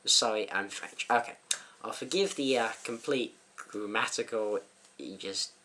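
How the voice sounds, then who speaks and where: A man's voice: medium pitch, measured pace, bright, forceful tone. Dry, self-mocking young man. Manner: dry, self-mocking, hesitant with many fillers. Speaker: YouTube host reading troll comments. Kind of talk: casual comedic commentary.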